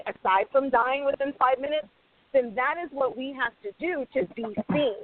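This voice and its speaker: Passionate woman on a tinny line. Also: fairly high pitch. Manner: passionate, animated, acts out quoted dialogue. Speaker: screenwriter and panelist. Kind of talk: panel discussion. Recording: tinny phone-line sound, dry.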